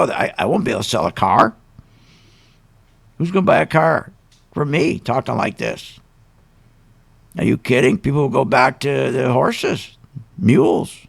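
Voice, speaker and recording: A man's voice: medium pitch, creaky, husky. A man hosting a radio show, delivering an opinionated, ranting monologue full of sarcastic asides.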